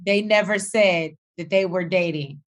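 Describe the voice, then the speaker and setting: A woman's voice: lowish voice, unhurried. A woman co-hosting a casual reality TV recap, telling the story with acted-out quotes and plenty of swearing. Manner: animated storytelling, acts out quotes, swears freely. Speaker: podcast co-host.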